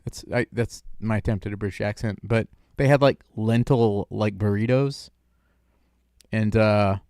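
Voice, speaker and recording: A man's voice: lowish voice, steady tone, normal speed, darkish tone, dry recording, studio quality. A young man hosting a call-in stream, talking in a rambling, joking way with lots of filler words. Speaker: streamer host taking calls. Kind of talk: casual chat.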